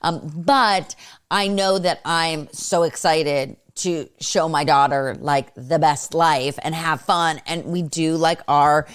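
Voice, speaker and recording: Woman podcast host, thirties, low-pitched, rambling and filler-heavy, casual chat. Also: steady tone, slow pace, clear, resonant tone. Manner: rambling, lots of fillers like "you know". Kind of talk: casual conversational interview.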